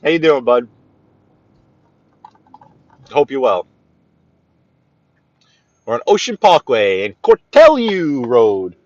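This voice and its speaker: A man with a New York accent chatting to viewers while driving, greeting them by name and often clearing his throat. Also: mid-range voice, very animated, slow pace, pauses often, no room sound, muffled recording. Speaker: livestream host driving. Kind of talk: casual live-stream chat while driving. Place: inside a car on city streets.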